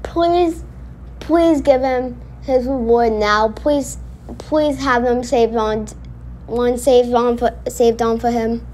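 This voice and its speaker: A woman's voice: fairly high pitch, steady tone, slow, a little mellow, a little hiss or hum. A woman giving casual reaction commentary, indignant and rambling as she talks back at a cartoon she is watching. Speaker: reaction video host.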